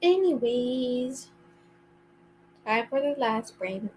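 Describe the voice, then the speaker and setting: A woman's voice: fairly high pitch, animated, moderate pace, a little hiss or hum, poor audio. A woman vlogger chatting casually to a friend during reading sprints, rambling and giggling often.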